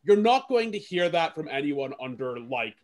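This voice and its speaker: A man gives careful, measured answers on a discussion panel and hedges his points. His voice sits somewhat higher than most men's. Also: big pitch swings.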